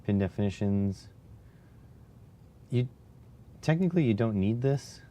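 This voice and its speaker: A man's voice: lowish voice, lively intonation, a little slow, dark tone. A man hosting a casual live stream while he codes, losing his voice and muttering to himself between answers to his chat, on a clip-on mic. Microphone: clip-on mic near the chest.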